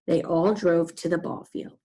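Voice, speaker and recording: Woman teacher, middle-aged, breathy, expressive read-aloud for kids. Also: lowish voice, measured pace, low-quality recording. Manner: expressive, animated storytelling. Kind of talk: read-aloud reading lesson for children.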